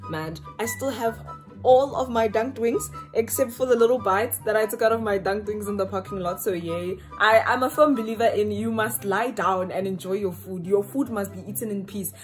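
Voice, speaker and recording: A woman's voice: medium pitch, normal speed. A young woman from South Africa chats straight to camera in a loose, slangy vlog style, breaking into laughter often. Her nose sounds slightly runny. Faint music plays underneath. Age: young adult. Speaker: vlogger. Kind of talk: casual vlog chat to camera.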